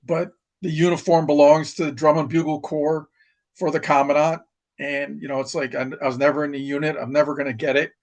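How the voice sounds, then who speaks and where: A middle-aged man tells stories of his service in loose, casual podcast chat. His voice sits a touch high for a man, and he circles back on his words with frequent uhs and restarts. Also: flat delivery, a little fast. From New York. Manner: rambling, many restarts and fillers. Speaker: podcast guest, retired Marine. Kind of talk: casual storytelling.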